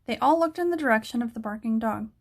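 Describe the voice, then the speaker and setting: A woman narrating a children's book aloud in a steady storytelling manner. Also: fairly high pitch, fast talker.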